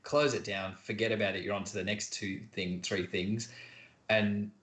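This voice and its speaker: A man in casual podcast chat, rambling and quick to laugh. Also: lowish voice, fairly even intonation, a bit bright, reverberant. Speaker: artist and podcast co-host.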